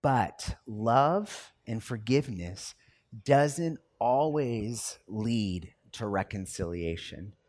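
A man's voice: fairly low pitch, animated, drawn-out words, a little mellow. A man preaching a sermon as a pastor, talking conversationally and acting out everyday quotes.

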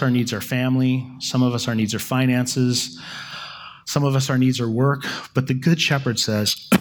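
Man, preacher, storytelling sermon, conversational, self-correcting, mid-pitched voice.

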